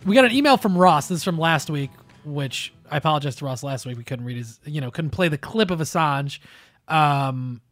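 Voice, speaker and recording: A man hosting a podcast in casual chat, loud and joking, swearing often, his voice jumping up when excited. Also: a little high, a little fast, faint music behind. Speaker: podcast host.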